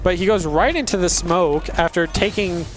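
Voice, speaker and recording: A man's voice: high-pitched, moderate pace. A man casting an esports match, breaking down tactics in a detailed, conversational way. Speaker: esports caster. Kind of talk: play-by-play commentary. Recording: noisy background.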